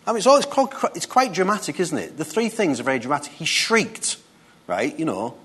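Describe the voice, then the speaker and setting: A man's voice: on the high side, huge pitch swings, a little fast, a bit bright, slightly rough. Chatty man teaching from the Bible. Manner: conversational, reads scripture aloud and comments with asides. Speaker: preacher.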